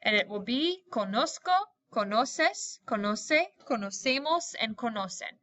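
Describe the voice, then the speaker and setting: Bright-voiced woman teaching a lesson. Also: a little high, lively intonation, measured pace, dry recording. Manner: explains step by step, checks in with "okay?". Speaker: Spanish teacher. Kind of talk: recorded classroom lesson.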